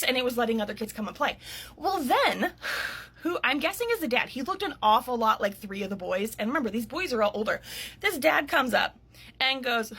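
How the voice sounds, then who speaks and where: A woman in her thirties, an author, retelling a story in an indignant, animated vlog style, still worked up. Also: high voice, normal speed, slightly rough. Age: 30s.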